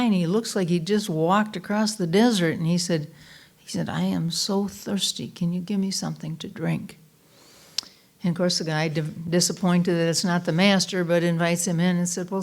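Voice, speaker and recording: Woman minister telling a story. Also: lowish voice. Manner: relaxed storytelling with fillers and restarts. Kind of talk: conversational Sunday talk. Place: church sanctuary.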